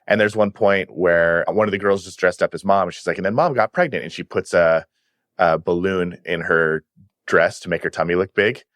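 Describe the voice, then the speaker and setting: Deep-ish guy on a podcast rambling happily about cartoon episodes, dry sound. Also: flat delivery, normal speed, a bit bright, no room sound. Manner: enthusiastic retelling of episodes, often using "like" as filler. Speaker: podcast guest. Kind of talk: casual podcast chat.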